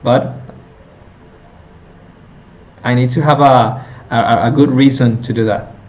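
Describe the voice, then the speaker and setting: A male teacher slowly explaining a lesson step by step, with many fillers and self-corrections. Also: medium pitch, fairly even intonation, highs cut off. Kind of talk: recorded lecture on intonation.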